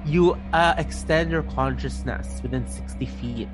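Male game master, halting narration, music behind. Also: fairly high pitch, low-quality recording. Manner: hesitant, lots of fillers and restarts.

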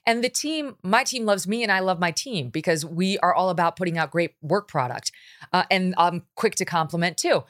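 Blunt woman talk-show host. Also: on the low side. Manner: blunt, animated, quick to laugh.

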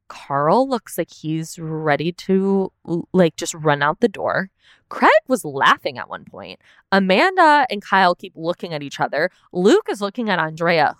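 Young woman, podcast host, low smooth voice, dry close sound, casual chatty recap, lots of "like". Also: no echo. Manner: chatty, peppered with "like", swearing.

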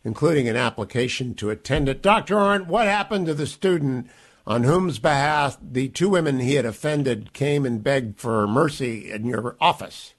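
A man hosting a radio talk show, interviewing a guest and making announcements in a brisk announcer style. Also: mid-range voice, expressive.

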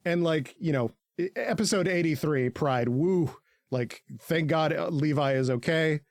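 A man co-hosting a podcast, recapping an anime in casual, profane chat, laughing often and jumping into squeaky character voices. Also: a little slow, no room sound, clean studio sound.

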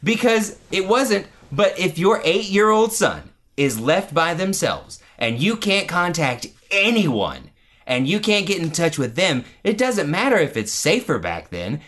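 A man in casual conversation about a movie, animated and arguing his point, acting out quotes as he goes. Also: high-pitched.

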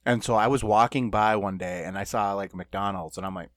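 A man's voice: lowish voice, normal speed, fairly bright tone, dry recording, clean studio sound. A man co-hosting a podcast in casual chat, telling stories in a rambling way full of fillers. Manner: rambling, filler-heavy storytelling. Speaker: podcast co-host.

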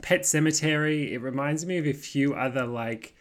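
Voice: mid-range voice, normal speed. A co-host chatting casually, rambling with many fillers and swearing. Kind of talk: casual chat.

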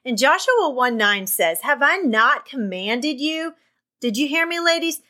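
A woman's voice: sits high, expressive, unhurried, bright, forceful tone. A middle-aged woman hosting a podcast, giving an enthusiastic, faith-filled pep talk to her listeners. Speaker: podcast host. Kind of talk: excited podcast monologue.

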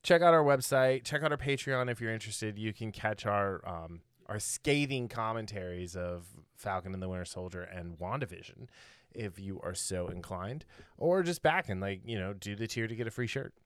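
A man's voice: on the low side, moderate pace, smooth, dry recording, clean studio sound. A man hosting a casual podcast. He rambles, corrects himself and laughs often, and he sounds tired after a long day. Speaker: podcast host.

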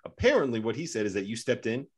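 A man hosting a podcast, asking his guest questions in a measured, conversational way. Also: medium pitch, very animated, breathy edge. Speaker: podcast host. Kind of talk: interview questions.

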